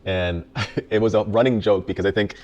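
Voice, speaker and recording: A man's voice: on the low side, fairly even intonation, moderate pace, a little mellow, dull audio. A middle-aged man, a mental health therapist, talking casually and reflectively about his path into counseling, with frequent "um"s and restarts. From the Bronx, New York. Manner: reflective, with many fillers and restarts. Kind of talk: casual introductory talk.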